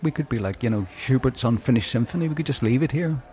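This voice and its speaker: A man's voice: medium pitch, quick pace, warm tone. A man co-hosting a podcast who chats in a rambling, hesitant, joking way. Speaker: podcast co-host. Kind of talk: casual chat.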